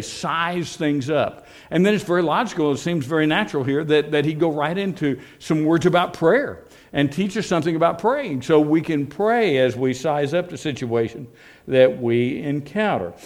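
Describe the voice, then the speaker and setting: A male pastor preaching a sermon, telling stories in a folksy way and tossing in tag questions to his congregation. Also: fairly high pitch.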